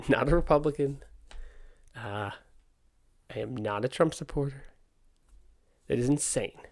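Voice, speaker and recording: A young man, a podcast host, telling a story in casual, candid talk, exasperated, and acting out the dialogue. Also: mid-range voice. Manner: candid, exasperated, acts out dialogue in quick quotes. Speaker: podcast host, skate park owner.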